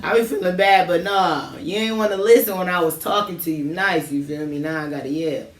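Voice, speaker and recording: A woman's voice: fairly low pitch, brisk, recorded from a distance. A woman co-hosting a casual late-night chat while smoking, telling childhood stories in a laid-back, slangy way. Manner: laid-back storytelling, lots of slang and laughter. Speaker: podcast co-host. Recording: echoey room, off-mic, faint noise.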